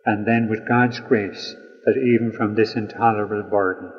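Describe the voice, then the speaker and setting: A man preaching a sermon in a measured, earnest way, slowing down to stress key phrases. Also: fairly low pitch, flat delivery. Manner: measured, earnest delivery with slow emphatic phrases. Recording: muffled sound with long hall reverb.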